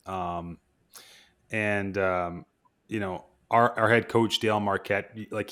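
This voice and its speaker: Chatty low-voiced male podcast host. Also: fairly bright tone. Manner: chatty, self-deprecating storyteller. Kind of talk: casual interview.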